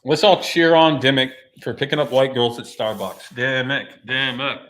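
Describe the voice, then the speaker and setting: Male livestream host, mid-pitched, casual garage chatter, faint background noise. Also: normal speed, a bit bright. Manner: rambling, joking, reading chat aloud while working. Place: home garage.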